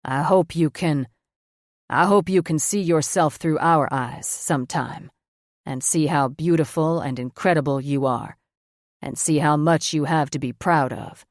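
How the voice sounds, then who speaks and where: A woman reading an audiobook voices a middle-aged father speaking earnestly and gently to his daughter. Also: sits low, a little slow, no room sound, clean studio sound, pitched below the performer's own voice. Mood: tender. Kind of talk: audiobook narration.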